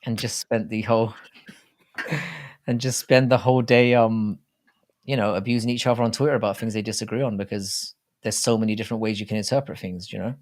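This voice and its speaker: A British man co-hosting a live fight-talk stream, chatting casually in an animated, jokey and rambling way with plenty of swearing. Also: lowish voice, brisk. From Britain. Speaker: co-host of a live fight show.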